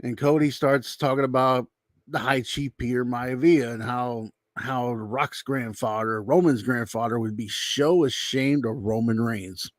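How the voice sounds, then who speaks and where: A man's voice: mid-range voice, fairly even intonation, a little slow, no echo. Casual man rambling through a dry recap. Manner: loose, rambling retelling, acts out quotes. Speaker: YouTube commentator. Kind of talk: casual wrestling recap and opinion.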